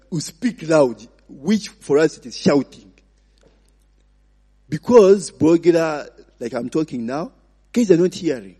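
A man with a Ugandan accent preaches a sermon, prompting the congregation to complete his sentences in call-and-response fashion and weaving in Luganda phrases. His voice sits a little high, with a dark, slightly rough tone. The recording carries the long reverb of a large hall.

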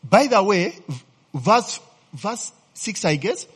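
A man's voice: sits high, slow, husky. A male pastor preaching a sermon, calling out questions to the congregation and tagging lines with "eh?". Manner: animated, asks the congregation to fill in words, frequent "eh?" tags. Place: church hall. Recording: long reverb of a church hall.

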